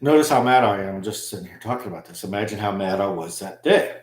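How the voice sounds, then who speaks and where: A man's voice: lowish voice, lively intonation, fast talker, reverberant. A man who served in the army, telling a story in an aggrieved, emphatic monologue. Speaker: army veteran vlogger. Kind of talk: casual monologue.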